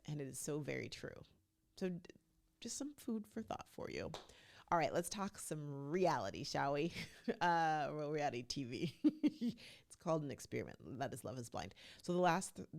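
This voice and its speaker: A woman with a low voice and a gravelly edge hosts a casual talk podcast. She is chatty and emphatic and speaks straight to her listeners. Her delivery stays loose and conversational throughout. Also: darkish tone. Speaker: podcast host. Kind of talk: casual reality TV recap commentary.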